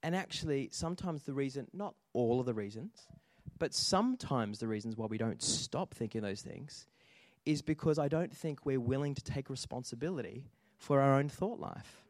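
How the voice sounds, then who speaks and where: Checking in with the congregation often, a male pastor tells his sermon as lively stories with audience call-outs, speaking at a moderate pace with few pauses. His pitch is an ordinary middle. The recording is dry and close, with little room echo.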